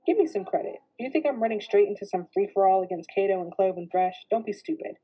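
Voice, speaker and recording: A woman's voice: medium pitch, lively intonation, quick pace, dark tone, breathy edge, poor audio. A woman reading the lines of a guarded teenage girl who answers brusquely and defensively.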